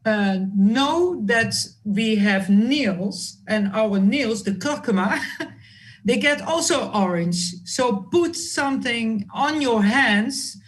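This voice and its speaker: A woman's voice: fairly high pitch, animated, takes it slowly. A woman chatting on a video call, speaking hesitantly and laughing easily. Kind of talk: casual chat.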